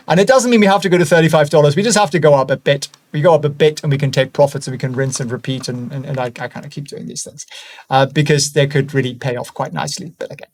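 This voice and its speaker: Chatty German-accented man with a high voice. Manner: excitable, chatty, jumps into high-pitched bursts. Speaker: investing channel host. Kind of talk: screen-share stock analysis.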